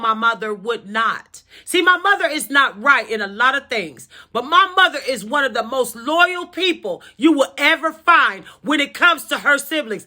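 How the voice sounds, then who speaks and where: A woman's voice: fairly high pitch, animated, normal speed, sharp tone. A woman telling a personal storytime, angry and emotional, who swears and repeats herself for emphasis. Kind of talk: casual storytime.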